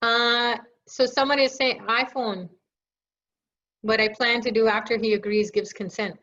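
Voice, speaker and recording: A woman's voice: a little high, steady tone, normal speed, fairly bright tone. A woman hosting a live question-and-answer stream, chatty and reassuring, with jokes at her own expense. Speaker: live show host answering viewer questions. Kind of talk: casual live Q&A. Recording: dull lo-fi stream audio.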